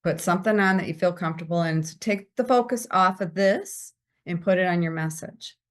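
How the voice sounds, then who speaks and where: Animated woman giving confidence advice. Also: on the low side, brisk. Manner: animated, acts out quoted small talk. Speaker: guest, visibility strategist. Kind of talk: podcast interview advice.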